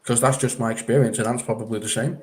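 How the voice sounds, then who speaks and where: A man with a Scouse accent co-hosts a casual football stream. He breaks in with dry, argumentative remarks and speaks at a plain mid pitch. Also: fairly even intonation, fast. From Liverpool. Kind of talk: casual live stream chat.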